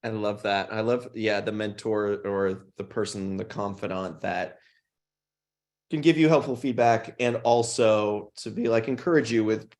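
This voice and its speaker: A man hosting a live video Q&A, effusive and playful, openly emotional and full of warm praise for his guest. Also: lowish voice, steady tone, unhurried. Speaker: host.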